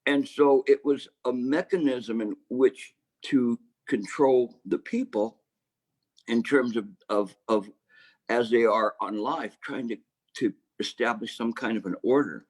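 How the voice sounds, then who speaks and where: A man teaching meditation, giving a Dharma talk in a reflective, halting way with many restarts. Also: mid-range voice, expressive, darkish tone.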